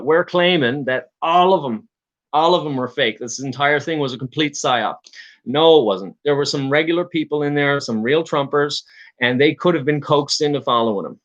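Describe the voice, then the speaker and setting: A man's voice: fairly high pitch, a bit bright, dull audio. A man from Newfoundland with a Newfoundland accent, hosting a casual livestream, rambling with many restarts and talking to his chat. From Newfoundland, Canada. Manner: rambling, frequent restarts and fillers, talks to chat. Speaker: livestream host.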